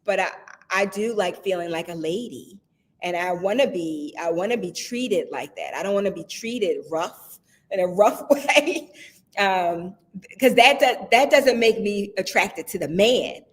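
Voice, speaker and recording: A woman's voice: mid-range voice, expressive, a little slow. A woman guest in casual conversation who tells stories with energy, acts out what people said, and laughs often. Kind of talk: casual chat.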